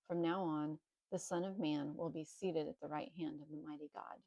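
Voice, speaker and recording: Storybook: calm, measured man on trial, read by a woman, low and gravelly, dry sound. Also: no room sound.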